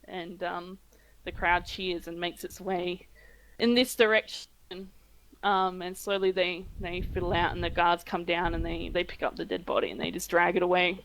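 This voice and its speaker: A woman running a tabletop game, narrating the scene in a halting way with many pauses and restarts. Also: lowish voice, fairly bright tone, slight background noise, poor audio. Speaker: game master.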